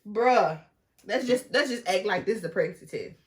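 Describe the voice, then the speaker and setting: A young woman telling a casual storytime vlog, animated and often laughing, talking straight to her viewers. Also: medium pitch, moderate pace. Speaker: vlogger.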